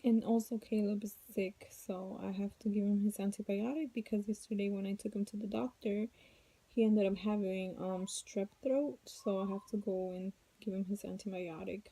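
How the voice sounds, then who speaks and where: A heavily pregnant woman vlogs from home, rambling and venting in a worn-out way. Her voice is gravelly and mellow, and the sound is dry and close. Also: medium pitch, steady tone, moderate pace, no echo, poor audio. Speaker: vlogger. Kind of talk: casual chat to camera.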